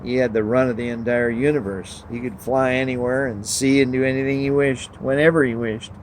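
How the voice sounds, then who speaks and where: A man reading a story aloud and then preaching a sermon, measured, asking the listeners questions. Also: mid-range voice, steady tone, a little hiss or hum, rough recording.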